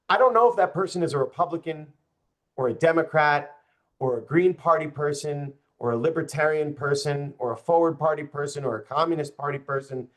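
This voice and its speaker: A man's voice: a little high, a bit bright. A young man, a political candidate, speaking passionately and with open frustration to a group, addressing the audience directly. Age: young adult. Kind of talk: campaign speech to a group.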